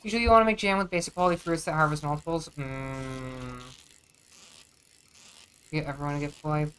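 A woman's voice: sits low, fairly even intonation, a little fast, fairly bright tone, slight background noise. A woman streamer chatting casually and thinking aloud as she plays a game. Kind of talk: casual gameplay chat.

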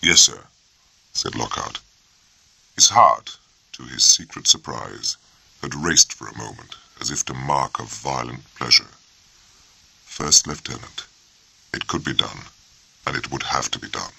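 A man narrating an audiobook with measured, expressive storytelling. His voice sits extremely low with a gravelly, husky texture, yet rings bright and moves with lively pitch. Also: low-quality recording. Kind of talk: scripted narration.

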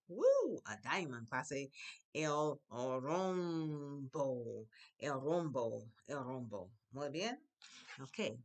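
Lady teacher in a classroom, low-ish voice that swoops around a lot, repeats stuff slow for kids. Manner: lively, drawn-out repetition of words for pupils to copy. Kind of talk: classroom language lesson. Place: school classroom.

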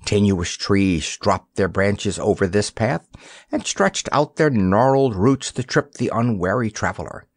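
Gravelly, lively audiobook narrator man. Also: on the low side, a little slow, no room sound, clean studio sound. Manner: expressive, storytelling.

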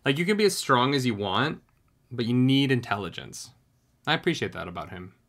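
Bright, upbeat young man reacting to anime. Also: medium pitch, a little fast. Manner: energetic, bursts into loud singing along. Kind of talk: casual reaction commentary. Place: home recording room.

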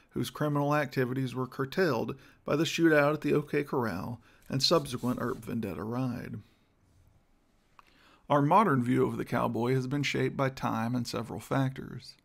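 A man delivering a scripted history lecture in a measured, rhetorical way, posing questions to his listeners. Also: mid-range voice, vocal fry. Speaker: speaker giving a history talk.

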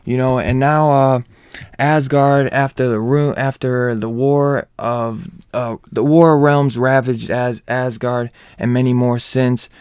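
A man's voice: mid-range voice, fairly even intonation, slow pace, a little mellow, clean tone, no room sound, studio quality. A man giving a casual comic book spoiler review, slangy and profane, hyped up and rambling with lots of restarts.

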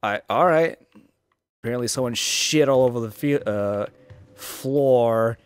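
A man casually commenting on his gameplay, joking and swearing and reacting loudly to scares. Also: medium pitch, unhurried, clean tone. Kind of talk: casual let's-play commentary.

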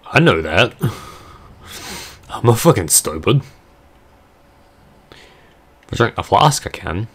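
A man giving casual, foul-mouthed commentary while playing a video game, with loud outbursts at it. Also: lowish voice, very animated, slow pace, pauses often, slightly rough.

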